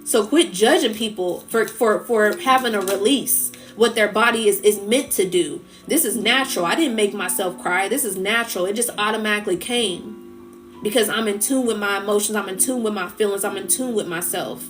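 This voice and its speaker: A woman's voice: medium pitch, normal speed, soft background music. A woman speaking in on a casual livestream, preaching about emotions in an impassioned way and repeating her phrases. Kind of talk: casual live-stream talk.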